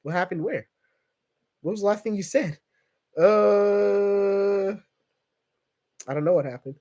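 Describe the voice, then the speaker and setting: A young man with a high-pitched, slightly mellow voice hosts a casual livestream at a slow pace. He reads viewer comments and chats in a rambling, jokey way, trailing off into tangents.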